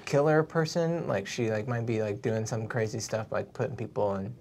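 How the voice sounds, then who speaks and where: A man voicing a shy, awkward teenage boy who speaks haltingly, full of "like". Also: fairly low pitch, a little mellow, slight background noise, lightly acted. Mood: nervous. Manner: halting, hesitant, heavy on "like".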